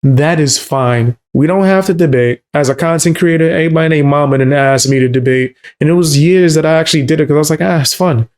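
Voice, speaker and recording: A man's voice: fairly high pitch, fast talker, hardly any pauses, a little mellow. A man hosting a commentary channel, reacting in a blunt, slangy, dismissive way.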